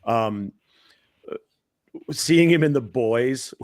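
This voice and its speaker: A man chatting casually as a panelist, talking haltingly with many restarts and soft laughs. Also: medium pitch, lively intonation, no echo, studio quality. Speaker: podcast panelist. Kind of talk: casual chat.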